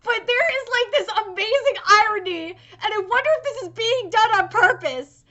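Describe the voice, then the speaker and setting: A young woman, a manga reaction vlogger, talking excitedly and swearing as she reacts, breaking into shrieks. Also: extremely high pitch, normal speed, dull audio. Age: young adult. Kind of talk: live reaction vlog.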